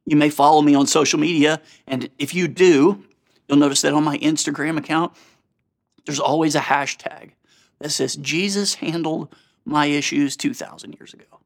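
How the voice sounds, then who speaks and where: A man delivers a sermon in a slightly higher register. He speaks earnestly and conversationally, often turning to his listeners with questions. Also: fairly even intonation, normal speed, gravelly. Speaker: pastor.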